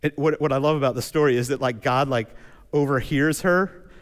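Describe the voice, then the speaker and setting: A man preaching a sermon in a relaxed, conversational way, telling stories and acting out quotes. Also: mid-range voice, a little fast. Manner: conversational, animated storytelling with acted quotes. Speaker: pastor. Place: church sanctuary. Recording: church hall reverb.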